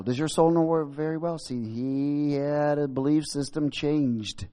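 A man's voice: fairly high pitch, measured pace, few pauses, warm tone. A male pastor preaching and reading scripture aloud, exclaiming and laughing often. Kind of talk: sermon.

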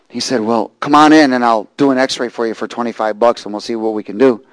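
A man preaching a sermon, reading scripture and telling a lively personal story. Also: mid-range voice, fast, no echo, low-quality recording. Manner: animated storytelling, rising to shouts and laughter.

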